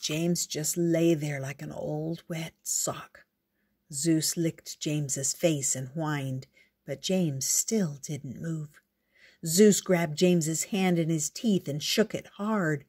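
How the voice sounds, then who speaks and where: A woman reading a picture book aloud in a gentle, unhurried storyteller's way. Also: low-pitched, steady tone, breathy edge.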